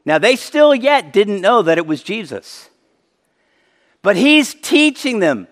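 A man preaching a sermon in a conversational way, with sudden emphatic rises and quiet drops. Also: very high-pitched, big pitch swings, slow pace, pauses often, big-room sound. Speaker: pastor.

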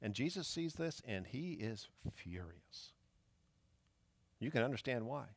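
A man's voice: mid-range voice, big pitch swings, a little slow, gravelly, pauses often, no echo, studio quality. A man preaching a sermon as pastor, emphatic and fond of rhetorical questions.

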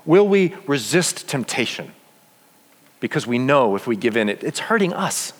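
A man with a medium-pitched voice preaches a sermon as a pastor at a moderate pace. He is animated and asks many rhetorical questions, and the recording carries the long reverb of a large hall.

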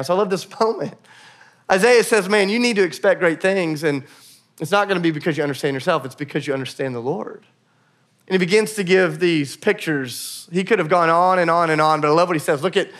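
A man in his thirties, a pastor, preaching a sermon in a conversational way with quick asides and self-deprecating humor. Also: high-pitched, a bit bright.

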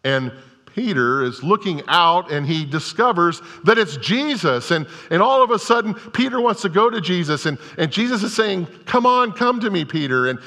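Bright-voiced preacher in a reverberant hall. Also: male voice, sits high, expressive, normal speed. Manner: conversational storytelling preaching. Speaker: pastor. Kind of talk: sermon. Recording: long reverb of a large hall.

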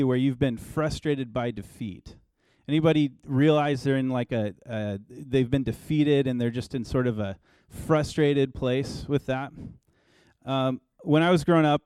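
A man in his thirties, a pastor giving a relaxed, conversational sermon with personal stories. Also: mid-range voice, clean tone, no room sound.

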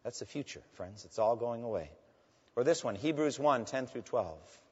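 A man's voice: animated, moderate pace, husky. Man preaching in a reverberant hall. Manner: preaching with rising emphasis on quoted scripture, dropping low on asides to "friends". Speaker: pastor. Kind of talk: sermon. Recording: dull reverberant hall sound.

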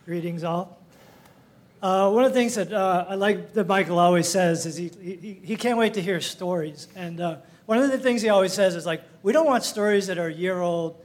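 An older man tells his story at a church gathering. His voice sits notably high, and he wanders through it with fillers, restarts and small laughs. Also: moderate pace. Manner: rambling, folksy, with frequent fillers and laughs. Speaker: church member sharing a testimony. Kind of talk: casual storytelling testimony.

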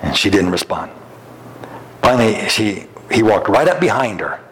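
A middle-aged pastor preaches in a lowish, sing-song voice that is a bit bright and breathy, at normal speed. He spins folksy stories, chuckling and restarting often, and the room has a long hall reverb.

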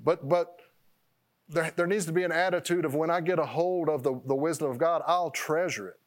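A male pastor delivers a loose, rambling sermon with a voice pitched a little high. He restarts his phrases, doubles his words and laughs at his own digressions. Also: steady tone, brisk.

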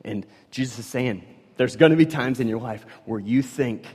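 Male pastor preaching, animated and conversational, emphatic bursts and hushed lows, medium pitch, long hall reverb. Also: normal speed, breathy edge. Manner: animated, swings from loud emphatic bursts to hushed low lines. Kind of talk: sermon.

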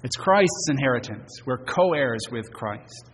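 A man preaching an evening sermon, earnest, with emphatic stresses and phrase endings that drop soft. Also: medium pitch, animated, unhurried, husky, long reverb tail. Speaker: pastor. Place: church sanctuary.

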